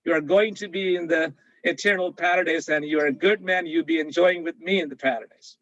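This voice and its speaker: A man's voice: fairly high pitch, fairly even intonation, fairly quick, a bit bright, no room sound, highs cut off, close to an everyday voice. A man doing a patient, fatherly God. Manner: patient, explaining, rising to emphasis.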